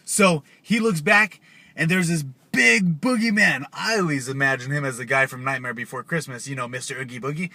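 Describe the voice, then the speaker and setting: A young man spinning a spooky bedtime tale in a loose, chatty way, dropping slangy asides. His voice sits high for a man and sounds bright and sharp. It is close and dry, with no room around it. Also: normal speed, no room sound. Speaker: YouTuber. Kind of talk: casual storytelling.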